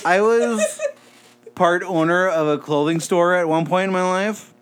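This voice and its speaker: A man's voice: sits high, smooth. A man telling a rambling story as a guest in a casual podcast chat. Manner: rambling storyteller, quick bursts.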